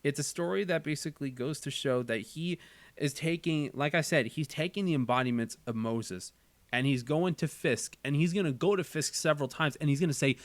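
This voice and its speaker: A man's voice: fairly high pitch, brisk, dry recording. A man hosting a casual chat, talking earnestly and repeating phrases as he works through his thoughts. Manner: earnest, repeats phrases while thinking aloud. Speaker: channel host.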